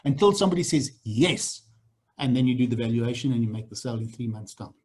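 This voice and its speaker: A man's voice: mid-range voice, expressive, quick pace, darkish tone, husky. A man running a sales training on a video call, blunt and repetitive. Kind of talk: online training session.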